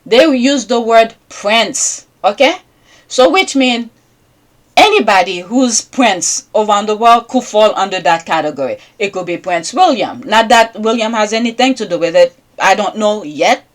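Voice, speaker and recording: A woman's voice: mid-range voice, animated, a little slow. Rambling woman podcaster saying "okay?". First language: not English. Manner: rambling, checks in with repeated "okay?". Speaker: podcast host. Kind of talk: casual commentary monologue.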